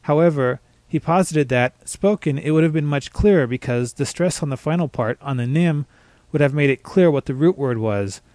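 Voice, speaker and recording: A man giving a scripted pronunciation lesson, spelling out words letter by letter and slowly demonstrating the sounds. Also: a little high, darkish tone, dry recording. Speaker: language teacher.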